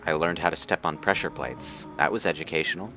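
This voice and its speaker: A man's voice: a bass voice, music in the background. Wry man doing game commentary. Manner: quick wry asides and dry jokes. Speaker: let's play host. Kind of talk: casual gameplay commentary.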